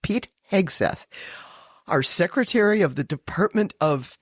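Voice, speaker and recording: An older woman co-hosting a podcast, telling a story in a theatrical, animated way and laughing often. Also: on the low side, a little slow, no room sound, studio quality. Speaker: podcast co-host. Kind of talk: casual storytelling chat.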